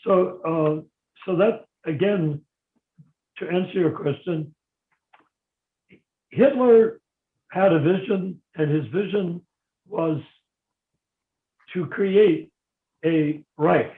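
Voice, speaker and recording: A man's voice: fairly high pitch, slow, long pauses. A man raised in America, answering a question at length in a live Q&A, telling history in a rambling, discursive way. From United States. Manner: discursive, digressive storyteller. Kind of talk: live Q&A, long explanatory answers. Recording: tinny phone-like line in an echoey room.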